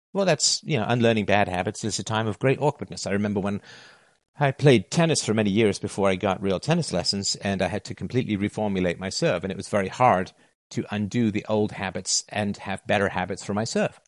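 Emphatic middle-aged man, low dry voice. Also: brisk, no room sound. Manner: emphatic, repeats key phrases. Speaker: philosophy talk host. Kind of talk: monologue to listeners.

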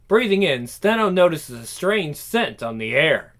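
A man's voice: on the high side, sing-song, a little slow, fairly bright tone. A man reading a role-play story aloud, with jokey, chatty asides between the passages.

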